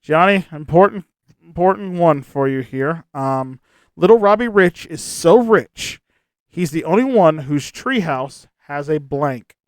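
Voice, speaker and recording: A man hosts a game show in a high, light voice. He reads each prompt with upbeat cheer and laughs easily between the players' answers. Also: animated, a little slow, dry recording. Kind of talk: hosting an online game show.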